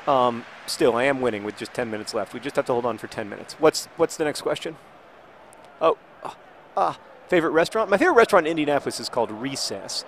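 A man casually commenting while playing a video game, rambling and restarting sentences, with sudden excited outbursts. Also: medium pitch, quick pace, slight background noise. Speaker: video host.

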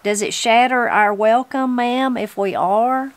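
A woman's voice: on the high side, measured pace, dry recording, close to an everyday voice. A woman voicing a short, plump, smiling male tramp in a storybook reading. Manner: wistful, eager about food.

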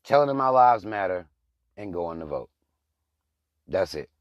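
A man's voice: low voice, sing-song, measured pace, dry recording, muffled recording. A man hosting his own channel, giving blunt, profane, heated political commentary in a casual rant. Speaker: channel host.

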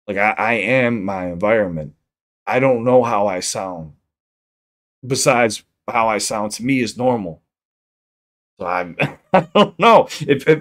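A young man from Chicago with a Chicago accent, chatting casually on a livestream while high, rambling and swearing often. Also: expressive, measured pace, long pauses. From South Side of Chicago. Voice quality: rambling, profane, repeats himself. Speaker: streamer.

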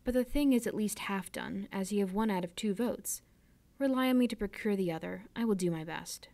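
A woman's voice: mid-range voice, a little fast, vocal fry, a little mellow, natural voice. Woman reading as a genial, fatherly ship owner. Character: kindly middle-aged male ship owner.

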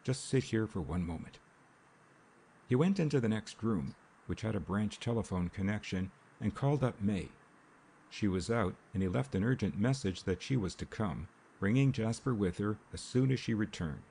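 A man narrating an audiobook in a measured, unhurried reading. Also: lowish voice, expressive, vocal fry, warm tone, a little hiss or hum.

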